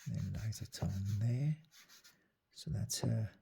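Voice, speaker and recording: A man's voice: on the low side, takes it slowly, vocal fry, warm tone, husky. A man narrating his drawing as he works, muttering and half-whispering his steps. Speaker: artist demonstrating drawing.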